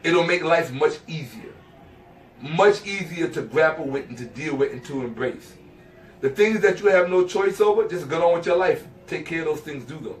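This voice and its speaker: A man's voice: fairly high pitch, lively intonation, normal speed, echoey room, recorded from a distance, soft background music. A man giving an interview, lecturing emphatically and repeating phrases for stress. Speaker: interview guest. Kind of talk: impassioned lecturing in conversation.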